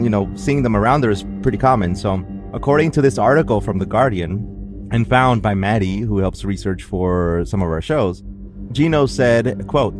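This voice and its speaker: A man with an accent co-hosting a podcast, telling stories in a casual, animated way and laughing often. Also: medium pitch. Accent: non-native English. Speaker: podcast co-host. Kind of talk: casual storytelling chat.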